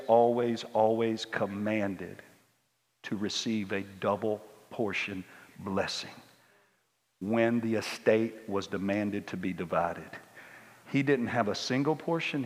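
Passionate male preacher, animated, long church echo. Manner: emphatic, animated, climbs high when worked up. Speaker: guest preacher. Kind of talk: sermon.

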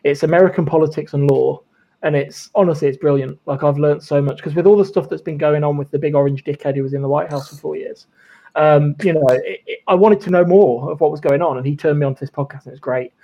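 A man's voice: a little high, steady tone, fast, mellow, highs cut off. A man, a former lawyer, telling stories as a podcast guest in a chatty style, swearing and laughing often. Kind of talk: casual chat, storytelling.

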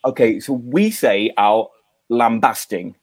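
A man's voice: mid-range voice, a little fast, darkish tone, dry recording. A man, a guest on a podcast, talking casually and candidly, swearing freely and often repeating words as he starts a thought. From Yorkshire, England. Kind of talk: casual chat.

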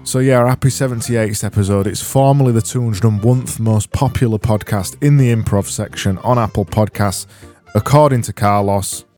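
A man hosting a solo comedy podcast, rambling in a deadpan, self-deprecating way with frequent restarts. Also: lowish voice, moderate pace, faint music behind. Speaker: podcast host.

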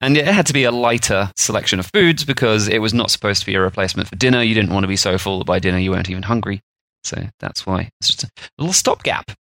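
A man's voice: fairly low pitch, quick pace, fairly bright tone, dry recording, studio quality. A man, co-hosting a podcast and explaining food history in a rambling, chatty way. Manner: rambling, chatty storytelling with fillers. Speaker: podcast co-host. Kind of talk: casual explanatory chat.

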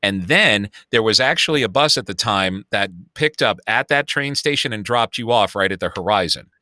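A man's voice: lowish voice, animated, moderate pace, bright, forceful tone, no echo, studio quality. A man in his fifties with a Chicago accent, telling a long story in casual podcast chat and swearing freely. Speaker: podcast co-host.

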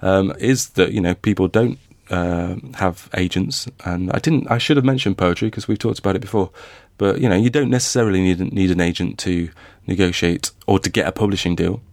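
A man's voice: sits low, brisk, few pauses, a little mellow, no echo, clean studio sound. A man co-hosting a podcast about writing, talking casually with many restarts and fillers. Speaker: podcast co-host, novelist.

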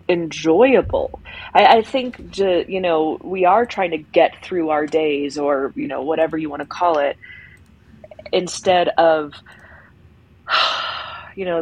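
A woman's voice: low voice, darkish tone, low-quality recording. A woman co-hosting a podcast, talking in a reflective, rambling way with many fillers in unscripted conversation. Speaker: podcast co-host.

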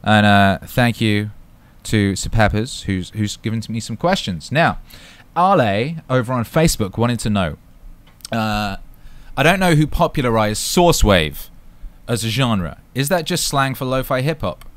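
A man hosting a live stream alone, chatting casually, reading out comments and giving shout-outs in a hyped, swearing way. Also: on the low side, lively intonation, measured pace. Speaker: livestream host.

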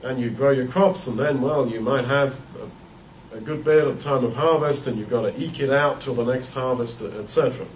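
Male Bible teacher, mid-pitched, thoughtful, repeats himself as he explains; echoey room with faint ambience. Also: normal speed, a little hiss or hum. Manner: thoughtful, explanatory, with frequent restarts and repeated words. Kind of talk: unscripted Bible study talk. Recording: roomy echo, heard from a distance.

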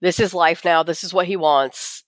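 A woman's voice: fairly low pitch, fairly even intonation, moderate pace, no room sound, clean studio sound. A woman co-hosting a casual podcast, giving emphatic opinions with laughs, recovering from the flu. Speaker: podcast co-host. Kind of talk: casual recap chat.

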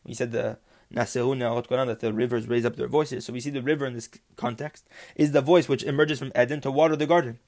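A man's voice: medium pitch, steady tone, fast talker, darkish tone. Man, Torah teacher, mid-range voice, reads Hebrew then explains, rhythmic repetition. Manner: explains Hebrew terms then translates them; rhythmic, repeats phrases with rising emphasis. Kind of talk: religious text lesson.

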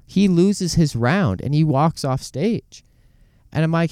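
Man telling a story on a podcast, mellow and crisp. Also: fairly high pitch, slow pace, no echo, studio quality. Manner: storytelling, animated retellings with quoted voices; loose, says "dude" and "like" a lot. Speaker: podcast host. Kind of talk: casual podcast chat.

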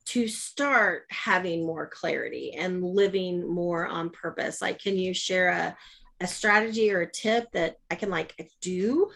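A woman's voice: lowish voice, measured pace, gravelly, a bit bright. A woman hosting a casual podcast chat, talkative and laughing often as she speaks. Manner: chatty, laughs often, uses fillers. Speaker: podcast host.

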